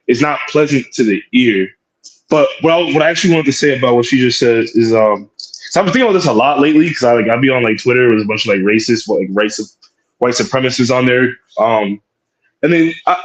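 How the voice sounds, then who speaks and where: A man co-hosting a casual podcast, speaking in a rambling, relaxed, slangy way. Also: medium pitch, low-quality recording. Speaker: podcast co-host. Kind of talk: casual chat.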